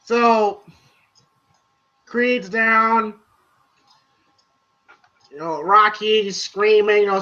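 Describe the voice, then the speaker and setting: Excitable, profane movie reviewer. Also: medium pitch, very slow, pauses often, muffled recording. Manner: excitable and profane, recapping scenes in long run-on retellings. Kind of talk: casual spoken movie review.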